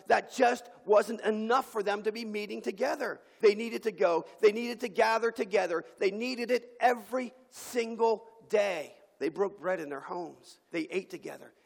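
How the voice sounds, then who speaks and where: Pastor, male, high gravelly voice, impassioned sermon, big church reverb. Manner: impassioned preaching with dramatic pauses. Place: church sanctuary. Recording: long hall reverb.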